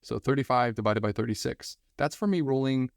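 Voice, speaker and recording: Man, statistics teacher, energetic, repeats phrases, mid pitch, dry sound. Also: a little fast, gravelly, clean tone, no echo. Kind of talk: recorded math lesson.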